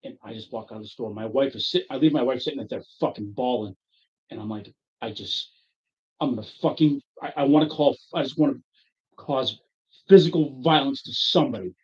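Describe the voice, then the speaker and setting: A man with a husky, slightly breathy voice tells a long, profane story among friends, bursting out loud as he acts out his own angry lines. The recording is dull and lo-fi. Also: medium pitch, brisk. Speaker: player telling a story. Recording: dull lo-fi audio.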